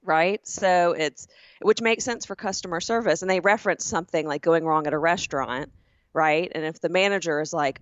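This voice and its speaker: A woman from the southern United States co-hosting a casual podcast chat, telling stories with lively acted-out quotes. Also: on the low side, fairly quick, dry recording, dull audio. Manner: animated storyteller who acts out quoted people. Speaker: podcast co-host.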